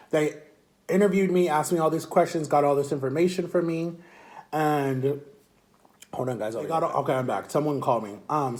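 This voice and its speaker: A young man telling a long personal story to his camera in a rambling, repetitive, animated way. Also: on the high side. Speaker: vlogger.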